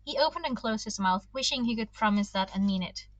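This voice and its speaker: A woman streamer reading a book aloud on a livestream, expressive and excitable between passages. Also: fairly high pitch, a little fast, no echo, highs cut off.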